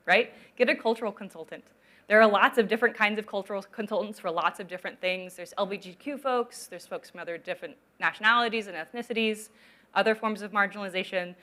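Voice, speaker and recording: A woman's voice: medium pitch, bright, forceful tone. A woman lecturing on narrative design at a conference, taking audience questions and checking in with listeners often. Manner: conversational, checks in with "right?" often.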